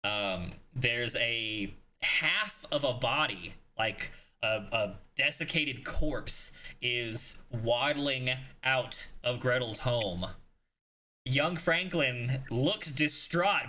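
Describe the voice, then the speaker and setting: A man narrates as game master of a tabletop game, his voice bright and forceful. He rambles through the scene with many fillers and restarts and swears casually. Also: medium pitch, expressive, slow pace.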